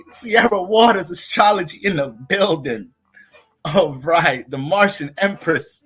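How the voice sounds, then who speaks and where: A man hosting an astrology livestream from his family home, hyped and profane, shouting out viewers in casual chat. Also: sits high, animated, unhurried, breathy edge, rough recording.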